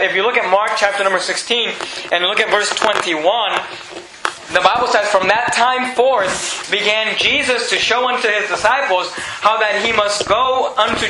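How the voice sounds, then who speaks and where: A man preaching a casual, conversational sermon, paraphrasing scripture and often repeating himself. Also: sits high. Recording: echoey room with faint noise.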